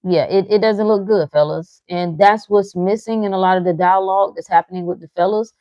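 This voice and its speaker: A woman's voice: mid-range voice, fairly even intonation, fairly quick, no room sound, lo-fi sound. A woman hosting a live motivational talk, speaking frankly and profanely, teasing her listeners with short laughs as she reads their comments. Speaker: livestream host reading chat.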